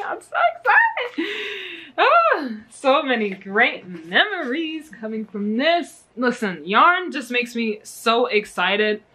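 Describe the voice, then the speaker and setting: A young American woman chats casually about a yarn haul in her knitting vlog, bubbly, gushing and often giggling. Her voice is on the high side, bright and forceful.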